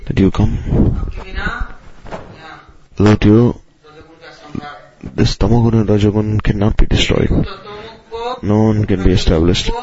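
Male preacher, very low voice, devotional sermon, measured delivery, slightly muffled recording. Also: dark tone. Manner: measured, with Sanskrit and Hindi terms woven in.

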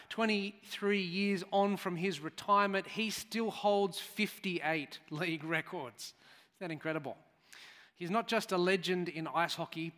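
Man, preacher, high bright voice, conversational storytelling, reverberant church hall. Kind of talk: sermon.

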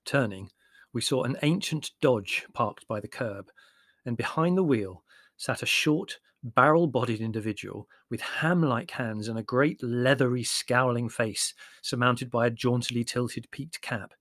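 A man narrating a memoir as an audiobook with wry, expressive storytelling. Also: mid-range voice, measured pace, no echo, clean studio sound.

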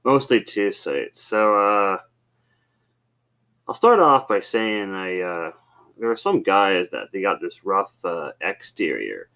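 A man with a low voice tells casual work stories as a podcast host. His pitch swings widely, and his talk rambles with lots of fillers. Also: big pitch swings, slow pace, a bit bright. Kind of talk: casual storytelling.

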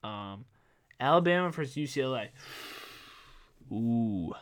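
A man in his twenties hosting a sports podcast in casual chat, rambling with lots of fillers and restarts, his voice going a bit hoarse. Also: mid-range voice, lively intonation, a little slow. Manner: rambling, filler-heavy, self-correcting. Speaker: podcast host.

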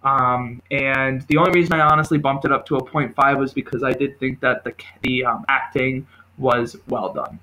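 A man co-hosting a podcast, chatting casually about movies and acting out his own reactions in an animated way. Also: mid-range voice, moderate pace, rough recording. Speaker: podcast co-host. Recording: home podcast recording.

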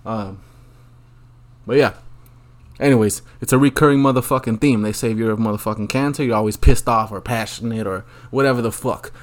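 A man's voice: on the low side, steady tone, brisk. A man hosting a solo podcast, rambling through a profane, crude rant with lots of ums and asides. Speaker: podcast host.

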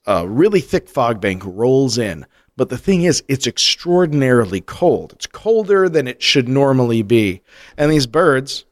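A man co-hosting a podcast in casual chat, animated and rambling, laughing often and restarting his sentences. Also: medium pitch. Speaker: podcast co-host.

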